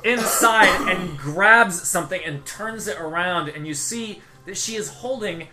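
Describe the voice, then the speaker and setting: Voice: mid-range voice, measured pace, over music. A game master narrating a tabletop game scene, descriptive and often laughing. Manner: descriptive, laughs between lines.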